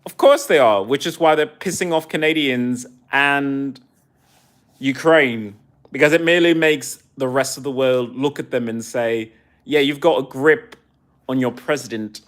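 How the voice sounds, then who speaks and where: A man's voice: medium pitch, a little slow, fairly bright tone. Man, English accent, forties, haughty and snarky, live stream talk reading chat. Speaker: livestreamer.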